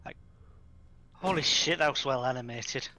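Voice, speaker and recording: A man chatting on a game stream, reacting excitedly and joking. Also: mid-range voice, moderate pace. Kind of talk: casual chat.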